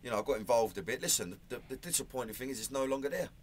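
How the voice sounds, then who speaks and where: A man's voice: mid-range voice, expressive, rapid-fire, slight background noise. A man with a Cockney London accent chatting in an interview, blunt and matey, full of "you know" and "man". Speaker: actor being interviewed. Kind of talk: casual interview chat.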